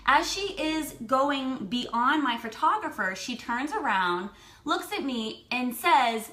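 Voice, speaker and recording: Bright, chatty high-voiced woman. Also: a little slow. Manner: animated, chatty, lots of "like". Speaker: lifestyle and fertility coach. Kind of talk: personal storytelling to camera.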